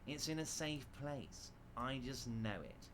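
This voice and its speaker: A measured, quietly assured male narrator from a video game, voiced by a man, speaking at a middle pitch. Clear background noise runs under the game audio. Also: close to an everyday voice. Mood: soothing. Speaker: game character voice-over. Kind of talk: scripted game voice acting.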